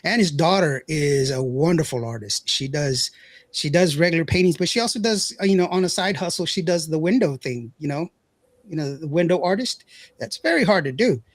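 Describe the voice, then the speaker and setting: Husky chatty radio host. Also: male voice, fairly high pitch, animated, brisk, no echo. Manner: chatty, laughs often, stumbles over words. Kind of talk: casual radio chat reading viewer comments.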